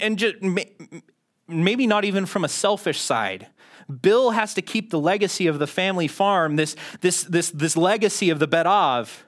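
A man's voice: sits high, a bit bright. A man preaching a sermon in a conversational, self-deprecating way, often restarting his sentences. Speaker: pastor.

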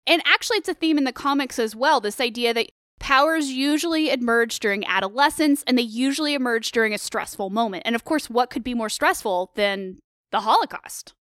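High-voiced woman chatting about films. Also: no room sound, clean studio sound. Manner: animated, opinionated, quick asides. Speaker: co-host of a film discussion show. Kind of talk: casual film commentary chat.

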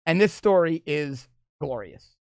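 A middle-aged man holding forth as a political commentator, his pitch swinging widely as he mocks his targets and breaks into laughter. His voice sits a bit high for a man and sounds close and dry, with no room around it. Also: a little slow, clean tone, no room sound. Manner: animated, mocking, laughs while talking. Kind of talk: opinion monologue.

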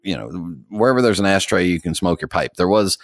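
An American man hosting a podcast, chatting in a relaxed, rambling way with fillers and soft laughs. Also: deep voice, fast, dry recording, studio quality. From United States. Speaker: podcast host. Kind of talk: casual chat.

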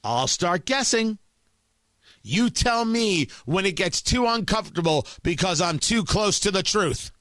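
Man, political talk host, combative, emphatic, bright tense voice, dry close sound. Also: high-pitched, lively intonation, a little slow, no echo. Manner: combative, emphatic, rhetorical questions. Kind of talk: opinion monologue.

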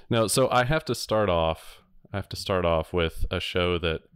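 Deep-voiced man, dry studio sound. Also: a little slow, fairly bright tone, clear, resonant tone, no echo. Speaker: podcast guest reviewer. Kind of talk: casual chat.

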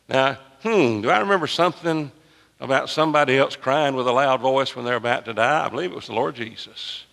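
A male pastor preaching a sermon, emphatic, swinging from hushed asides to full shouts. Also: mid-range voice, normal speed, vocal fry, in a large hall.

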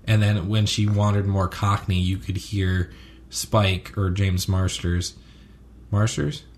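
A man's voice: deep voice, flat delivery, slow pace, a little hiss or hum. A man co-hosting a casual chat about a TV episode, rambling with many ums and self-corrections. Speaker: podcast co-host.

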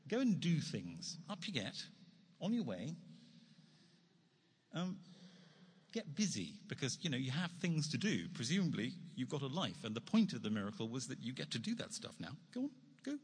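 A man voicing a kindly healer who briskly sends mended people on their way, cheery and coaxing, in a hall with long reverb. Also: mid-range voice, huge pitch swings, darkish tone, breathy edge, heavily acted.

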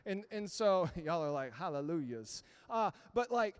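Man, pastor, high voice, chatty sermon storytelling, calls for responses, long church-hall reverb. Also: animated, a little slow, smooth. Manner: conversational storytelling, asks the congregation for responses. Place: church sanctuary.

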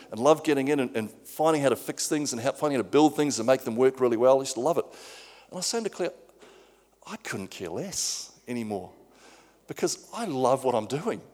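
A man preaching a sermon in a church hall, earnest and often stumbling over repeated words. His voice sits at a middle male pitch, and a long hall reverb trails after each phrase. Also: a little mellow.

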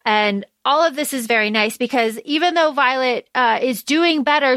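Bright-voiced chatty woman podcaster. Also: fairly high pitch, no echo. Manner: enthusiastic, chatty, lots of fillers. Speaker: podcast co-host. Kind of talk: casual book discussion.

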